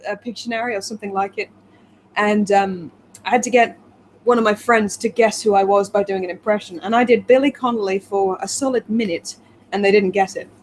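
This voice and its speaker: A woman's voice: medium pitch, steady tone, a little fast, slight background noise. A tipsy woman co-hosting a casual chat, reading a plot summary aloud and breaking off with giggly, wry asides. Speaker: co-host.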